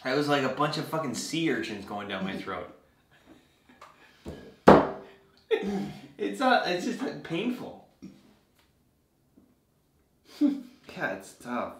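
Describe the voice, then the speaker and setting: A man chatting through a beer review, his crude jokes and frequent swearing riding on a lively, swooping voice. He is recorded in a roomy space with a noticeable echo and a faint hiss underneath. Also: medium pitch, slow, pauses often. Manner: crude, joking, swears a lot. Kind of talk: casual beer review chat.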